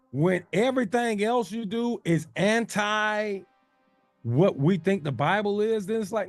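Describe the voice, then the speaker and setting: A man, animated in a casual talk radio discussion, acting out the voices of people he quotes. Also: sits high, a little slow, dry recording, soft background music.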